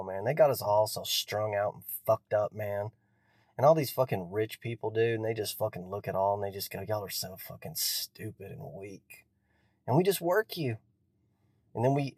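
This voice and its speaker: A man's voice: lowish voice, a little mellow, no room sound, clean studio sound. A man hosting a solo podcast, ranting in a bitter, profane, self-lacerating way, rambling with many restarts. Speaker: podcast host. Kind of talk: solo rant.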